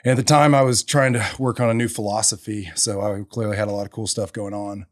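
Talking fast in a fairly low register, a man from Texas who works as an energy entrepreneur tells his story as a podcast guest in casual chat. Animated, he acts out quotes with bursts of laughter, and the studio audio is clean with no room sound.

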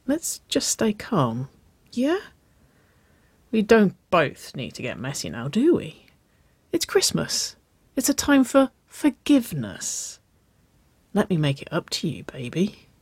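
A woman reading a story aloud and voicing a playful young woman who squeals and pleads in a high, giggly voice. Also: big pitch swings, slow pace, dry recording, heavily acted. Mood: coy pleading.

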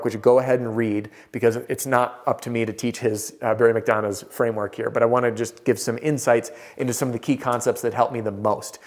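A man giving a motivational talk as a sales coach, telling a story with animated delivery and shifting pace. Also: medium pitch.

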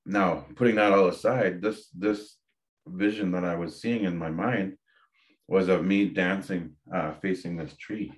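Low-voiced man telling a story. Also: steady tone, a little slow. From Ontario, Canada. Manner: candid, reflective, with frequent fillers and restarts. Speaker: podcast guest. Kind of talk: casual personal storytelling.

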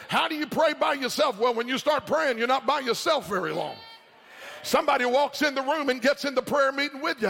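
High-voiced preacher shouting in sing-song. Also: male voice, gravelly. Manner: call-and-response questions to the congregation. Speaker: pastor. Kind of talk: sermon. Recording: reverberant hall with music behind.

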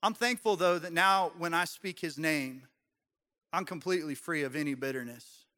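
A man's voice: fairly high pitch, moderate pace, sharp tone. A man preaching a sermon in a church, conversational and joking with the congregation. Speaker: pastor. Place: church sanctuary.

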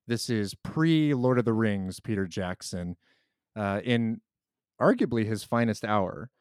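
A man hosting a casual film podcast, joking and then introducing the guest in measured host patter. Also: fairly low pitch, lively intonation, no echo, studio quality.

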